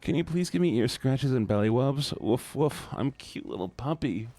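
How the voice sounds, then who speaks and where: A man's voice: mid-range voice, animated, normal speed, warm tone, no echo, voice pushed up, close to an everyday voice. A man voicing a sleepy, cuddly little puppy, using cutesy baby talk and barking sounds.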